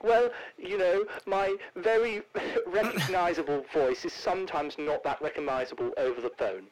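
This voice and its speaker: In a comedy bit, a man plays a celebrity caller, impersonating a posh, theatrical older English actress who keeps calling people darling, grandly plummy and affected. His voice sits high and is pushed up, though close to an everyday voice, at a moderate pace on poor audio.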